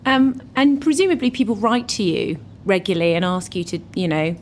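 A woman hosting an interview, asking measured, friendly questions. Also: mid-range voice, a little hiss or hum. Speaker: interviewer, host. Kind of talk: conversational interview.

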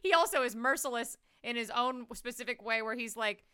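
A woman co-hosting a casual movie-review podcast, animated and laughing often, swearing casually. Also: a little high, brisk, clean tone. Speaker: podcast co-host.

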